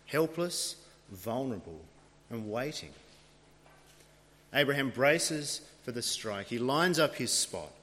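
A man's voice: medium pitch, fairly bright tone. A man preaching a sermon, retelling a scripture story in a dramatic storytelling manner. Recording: long reverb of a large hall.

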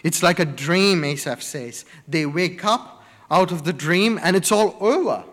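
Slow, deliberate male preacher in a reverberant hall. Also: high-pitched, expressive, a bit bright. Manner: slow, deliberate delivery with emphatic lists. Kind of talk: sermon.

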